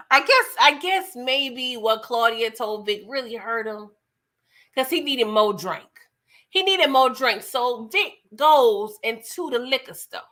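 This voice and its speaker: A woman's voice: on the high side, expressive, slow pace, sharp tone. A woman giving a casual, slangy recap of a TV episode, chatty and laughing often. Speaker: TV recap reviewer.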